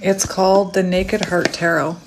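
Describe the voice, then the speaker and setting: A woman giving a casual, chatty tarot reading, laughing often and squealing when she gets excited, her throat a little hoarse. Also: lowish voice, a little slow, slight background noise. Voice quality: warm, laughs often between phrases. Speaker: tarot reader.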